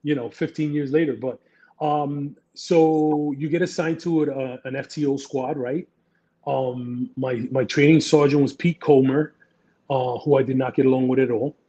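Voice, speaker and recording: A man's voice: mid-range voice, steady tone, moderate pace, mellow, lo-fi sound. A man, a retired police detective telling rambling, profane, self-deprecating stories in a casual interview. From the Bronx, New York.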